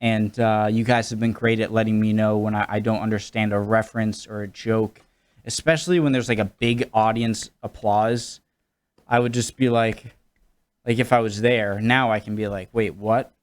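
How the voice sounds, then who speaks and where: A man's voice: fairly low pitch, steady tone, moderate pace, clean tone. A man from New England with an American accent, chatting casually as a YouTube reactor, hesitant and self-deprecating with many restarts. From New England, United States.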